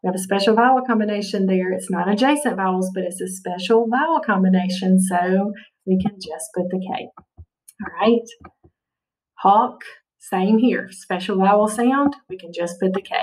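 A woman's voice: medium pitch, normal speed, darkish tone, distant mic, poor audio. A woman teaching a spelling lesson, patiently sounding out words and checking in with her students often. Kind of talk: spelling lesson over slides.

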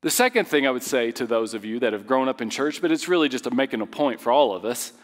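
A man preaching a sermon as pastor, moving between loud emphatic passages and quiet, low ones. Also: lively intonation, quick pace. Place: church sanctuary. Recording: long hall reverb.

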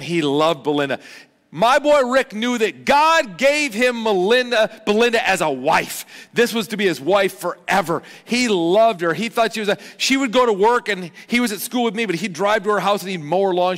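High-voiced pastor guy joking around mid-sermon, big reverby church hall. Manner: chatty and joking, with lively swings in pitch and loudness. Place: large church auditorium.

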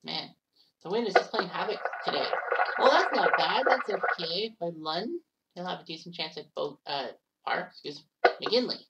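A woman casually calling the shots in a golf video game, chatty and quick to blurt out exclamations. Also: fairly low pitch, lively intonation. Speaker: game commentator. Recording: distant mic with loud background noise.

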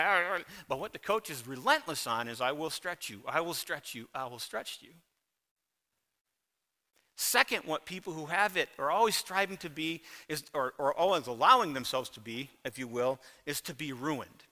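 A man's voice: on the high side, bright, forceful tone. A middle-aged man preaching a sermon to his congregation, earnest and emphatic, repeating key phrases. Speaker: pastor. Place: church sanctuary. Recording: long hall reverb.

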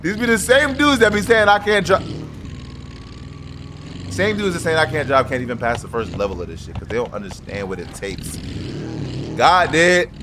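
A young man streaming a driving game, talking casually and cursing excitedly at other players. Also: on the high side, fairly quick. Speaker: gaming streamer. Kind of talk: casual gameplay commentary. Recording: loud game engine noise behind. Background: car engine and game sounds.

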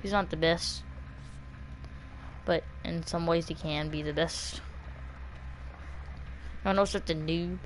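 A woman streaming a video game live, talking casually in a loud, crude, teasing way with lots of laughter. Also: lowish voice, fairly even intonation, slow, long pauses, a little hiss or hum, poor audio.

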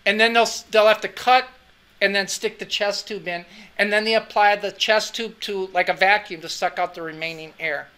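A man's voice: high voice, fairly even intonation, normal speed, pushed and bright, clear, resonant tone. A middle-aged man teaching anatomy and physiology, telling a class a story in a chatty way. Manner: chatty, anecdotal, with frequent "right?" asides. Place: classroom with students.

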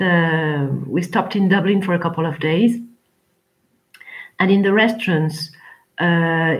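A woman teaching an English class online, chatty and rambling, with frequent pauses as she talks to her students. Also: fairly low pitch, muffled recording.

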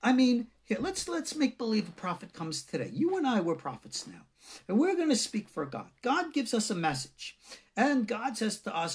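A man lecturing as a rabbi in a loose, conversational way, putting rhetorical questions to his listeners. His pitch swings widely as he acts out quoted lines, and now and then he sinks to a near-whisper. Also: huge pitch swings, moderate pace, slightly rough. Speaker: rabbi teaching a lesson.

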